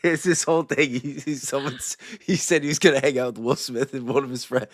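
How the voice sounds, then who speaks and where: A man's voice: mid-range voice, steady tone, a little fast, no echo, studio quality. A man co-hosting a casual live stream, rambling through stories with frequent laughs and restarts. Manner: rambling, laughs often, restarts mid-sentence. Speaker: stream co-host. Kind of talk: casual chat.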